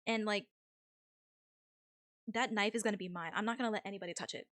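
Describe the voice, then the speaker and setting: A woman's voice: mid-range voice, a little fast, a bit bright. A young woman streamer chatting casually with her viewers, rambling with lots of fillers and frequent laughs.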